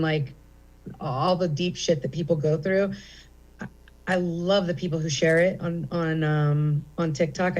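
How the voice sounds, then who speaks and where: A woman's voice: low-pitched, a little mellow, rough recording. A middle-aged woman comedian speaking as an interview guest at a comedy theater, candid and rambling with many fillers. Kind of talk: casual interview chat.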